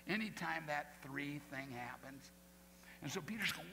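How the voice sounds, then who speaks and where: A male pastor preaching a sermon with lively asides, acting out quoted voices. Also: a little high, measured pace, vocal fry. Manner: animated, acts out quoted voices, folksy asides. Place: church sanctuary. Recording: long hall reverb, faint noise.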